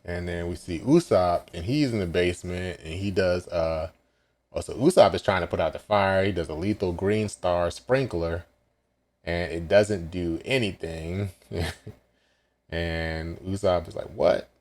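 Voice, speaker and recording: A man's voice: low-pitched, unhurried, a little mellow. A man casually recapping a manga chapter as he reacts live, hesitant and full of ums and self-corrections.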